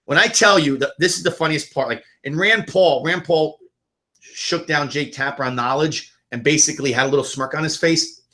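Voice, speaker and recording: Bright-voiced, profane podcast ranter. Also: male voice, on the high side, normal speed. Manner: profane, animated, acts out quotes in a raised voice. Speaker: podcast co-host. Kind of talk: casual political rant.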